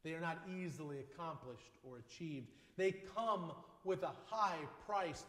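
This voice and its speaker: A male pastor delivering a sermon in measured phrases, building on repeated lines and often dropping to a soft voice. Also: a little high, lively intonation. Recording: echoey hall with long reverb.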